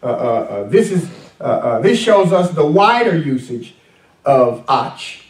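A man's voice: fairly high pitch, sing-song, unhurried, darkish tone. A male pastor preaching a conversational sermon, full of fillers and questions to the congregation. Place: church sanctuary. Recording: echoey church room, mic at a distance.

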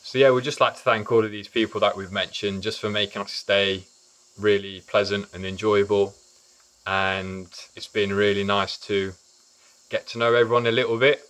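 A man's voice: lowish voice, little pitch movement, normal speed, fairly bright tone, low-quality recording. A young man from Barbados giving casual thanks on camera and laughing easily. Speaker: training programme participant.

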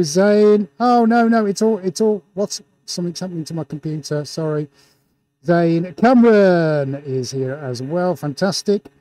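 A high-voiced man, a painter hosting a live stream from an indoor studio, talks through a face mask and gives viewers shout-outs with showman-like excitement.

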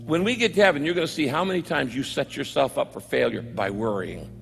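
A man preaching a sermon as pastor, emphatic and repetitive, slowing down to quote scripture. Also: medium pitch, vocal fry, fairly bright tone, in a large hall, faint music behind. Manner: emphatic, repeats key phrases, slows on scripture quotes.

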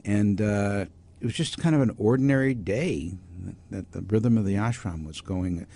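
A man's voice: on the low side, normal speed. An older man, a doctor and author, telling stories in an interview, acting out quoted voices and often restarting his sentences. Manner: animated storyteller who acts out quoted voices, frequent restarts. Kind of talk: storytelling interview.

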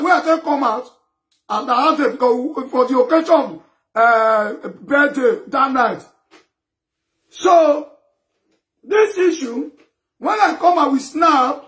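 A man with a Nigerian Pidgin accent ranting emphatically to camera, often breaking into shouts. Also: extremely high pitch. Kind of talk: impassioned rant to camera.

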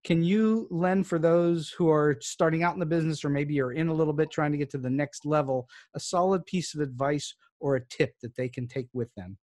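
A man's voice: a little high, fairly quick, hardly any pauses, darkish tone. A man hosting a podcast interview, laughing along and asking questions in an appreciative, encouraging way. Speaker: podcast host. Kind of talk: casual interview.

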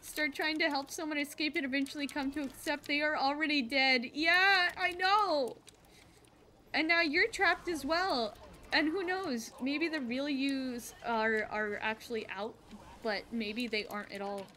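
A woman streaming a video game, chatting casually and excitedly with her viewers as she plays. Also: high-pitched, normal speed, a little hiss or hum. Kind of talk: casual live-stream chat.

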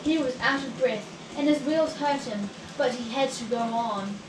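Reading a children's storybook out loud, a woman uses a fairly high-pitched, expressive, sing-song delivery at normal speed. The recording picks up background noise in an echoey room, with the mic distant.

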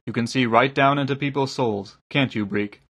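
A man reading aloud, voicing an earnest middle-aged man who preaches gently but fervently to a small congregation. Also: mid-range voice, normal speed, breathy edge. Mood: gentle.

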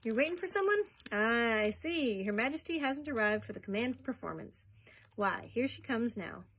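A woman's voice: fairly high pitch, animated, normal speed, fairly bright tone, husky, heavily acted. A woman playing a jolly folksy peddler man. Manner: sing-song patter, folksy. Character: cheery jovial male traveling peddler.

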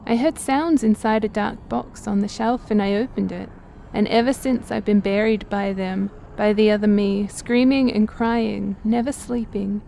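Woman doing a possessed male herder, game character, pleading, broken pauses, gravelly, mellow. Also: medium pitch, steady tone, a little hiss or hum, natural voice.

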